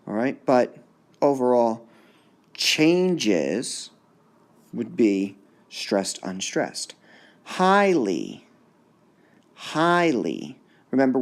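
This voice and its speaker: Slow, lively-voiced male teacher. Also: mid-range voice. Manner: slow, deliberate, exaggerates stress when sounding out words. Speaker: high school teacher. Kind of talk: recorded classroom lesson.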